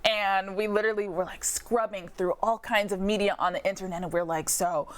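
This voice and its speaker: A young woman co-hosting a casual talk show, upbeat and quick to laugh and agree. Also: medium pitch, fairly even intonation. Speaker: co-host.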